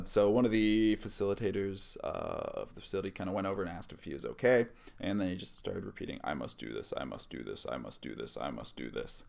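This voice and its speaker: A man's voice: deep voice, gravelly. A man vlogging and casually telling a first-person story, rambling with lots of fillers and asides.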